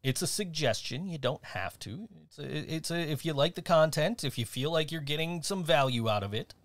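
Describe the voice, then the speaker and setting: A man's voice: a little high, animated, moderate pace, no room sound. A man co-hosting a casual podcast, laughing often and swearing casually. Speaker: podcast co-host. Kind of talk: casual chat.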